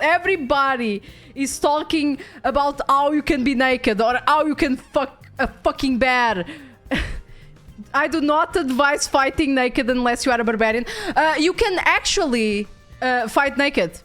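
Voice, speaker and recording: A young woman with a high voice chats loosely through a game stream. She restarts her sentences and laughs often. Soft music plays faintly underneath. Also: unhurried. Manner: chatty, frequent fillers and restarts, laughs often. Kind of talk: casual game-stream chat.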